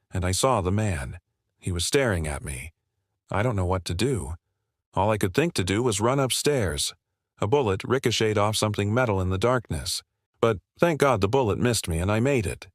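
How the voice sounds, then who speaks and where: A man narrating a scripted first-person horror story in a measured, even delivery. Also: lowish voice, no echo, clean studio sound.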